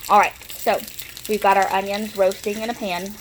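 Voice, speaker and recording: Southern lady talking thru her cooking, rambly and homey, phone propped up in the kitchen, pan sizzling softly. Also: medium pitch, level tone, normal speed, slight background noise, low-quality recording. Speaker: home cook. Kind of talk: casual cooking demo. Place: home kitchen.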